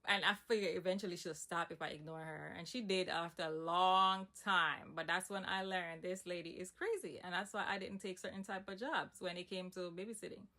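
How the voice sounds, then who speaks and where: A woman's voice: fairly low pitch, fairly quick, few pauses. A young woman telling a personal story in a casual, emphatic storytime monologue with asides. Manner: animated, emphatic retelling with asides.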